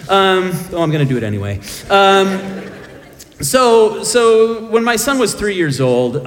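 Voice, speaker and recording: A man's voice: medium pitch, in a large hall. A middle-aged man preaching a sermon as pastor, telling self-deprecating stories with humor.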